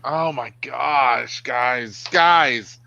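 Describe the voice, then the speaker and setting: A man co-hosting a casual online talk show, telling stories in an animated way. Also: medium pitch, drawn-out words, creaky, dry recording, highs cut off. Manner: animated storyteller. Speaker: co-host. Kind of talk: casual chat.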